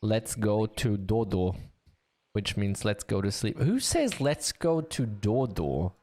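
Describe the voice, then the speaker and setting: A man's voice: lowish voice, sing-song, takes it slowly, warm tone. A man casting a live online game match, chatty and joking with his co-caster and the audience. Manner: chatty, joking, easily amused. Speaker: esports caster.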